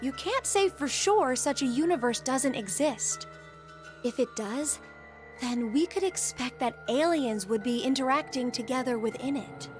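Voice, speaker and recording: An actress voicing a calm young woman in a game who lectures and reasons step by step. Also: high-pitched, unhurried, soft background music. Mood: calm, reasoning.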